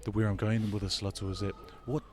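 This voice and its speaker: A man's voice: lowish voice, level tone, quick pace, a little hiss or hum. A male interviewer asking attentive follow-up questions. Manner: attentive, short affirmations.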